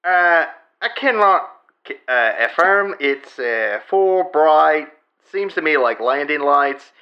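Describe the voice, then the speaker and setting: Man doing a halting Australian pilot. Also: fairly high pitch, lively intonation, highs cut off, voice pushed up. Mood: uneasy. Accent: put-on Australian. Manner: hesitant, halting radio reports. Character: young male pilot reporting a strange aircraft. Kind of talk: comedic dramatic reading.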